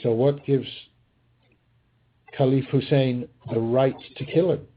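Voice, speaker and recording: A man's voice: mid-range voice, fairly even intonation, slow pace. A man hosting a political commentary podcast, combative and sarcastic, talking with frequent fillers and restarts. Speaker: podcast host. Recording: tinny phone-line sound with faint hiss.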